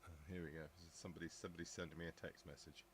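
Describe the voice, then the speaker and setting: This live stream host, a middle-aged man from southern England, talks very fast in a deep, flat, slightly bright voice while casually musing over his viewers' comments. A bit of background noise is present.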